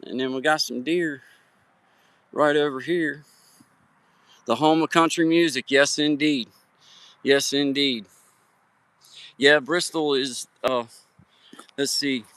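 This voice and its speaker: This Virginian livestream host speaks slowly with long pauses, his medium-pitched voice fairly even, a bit bright and smooth. He's chatting casually on his phone from a hiking trail at sunset, greeting viewers by name in a folksy, friendly way, and the recording is dry.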